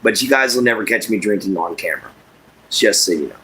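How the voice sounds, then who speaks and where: Bright-voiced man chatting casually. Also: on the low side, animated, fast talker, a little hiss or hum. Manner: rambling, folksy, laughs often. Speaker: livestream host reading viewer chat. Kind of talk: casual chat.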